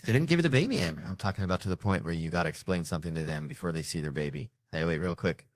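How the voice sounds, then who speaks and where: A man doing stand-up comedy, telling stories in a loose, conversational way with animated asides. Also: low-pitched, very fast, dry recording, studio quality.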